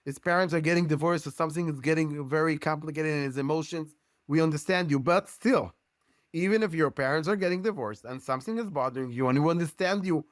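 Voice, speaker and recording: A Hebrew-native man explains his views as an educator in an earnest, storytelling way, his English halting and dotted with Hebrew terms. His voice sits a little high. The recording is dry and close. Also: no room sound. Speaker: guest rabbi and educator. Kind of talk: podcast discussion.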